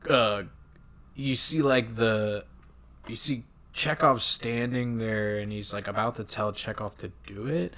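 A man casually retelling a film with lots of swearing and animated asides. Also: on the low side. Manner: profane, animated retelling with quick voiced asides. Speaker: podcast co-host recapping a film. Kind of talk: casual chat.

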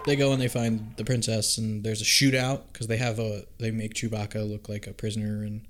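Animated, profane man riffing on a movie. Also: fairly low pitch, fairly quick, noisy background. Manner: animated, profane, acts out characters' lines. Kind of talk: casual movie watch-along chat.

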